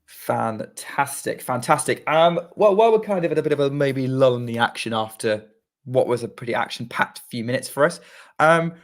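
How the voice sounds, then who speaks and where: A British man co-hosts a tennis watchalong podcast, switching between relaxed chat and quick play-by-play as rallies unfold. His voice sits at an ordinary pitch for a man, casual and conversational. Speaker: podcast co-host doing live commentary. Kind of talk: casual live watchalong commentary.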